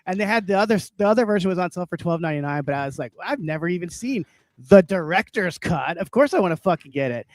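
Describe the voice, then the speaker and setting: A man's voice: sits high, lively intonation, fast, no room sound. A man co-hosting a livestream in casual comedic chat, ranting, swearing and laughing as he tells stories. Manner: profane, ranting, laughs often. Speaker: livestream co-host.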